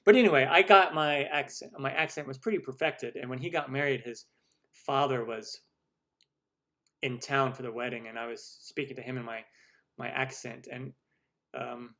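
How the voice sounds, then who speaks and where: Man, middle-aged, live-stream host, chatty, rambling, mid-pitched voice, casual Q&A. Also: steady tone, normal speed, a bit bright. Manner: rambling, chatty, many restarts and laughs.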